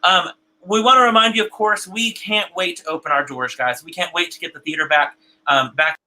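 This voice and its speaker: Bright-voiced emotional stream host. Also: male voice, on the high side, fairly quick, poor audio. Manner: chatty, repeats words often, gets emotional. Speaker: host of an online theater broadcast. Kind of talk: live-stream host reading viewer comments.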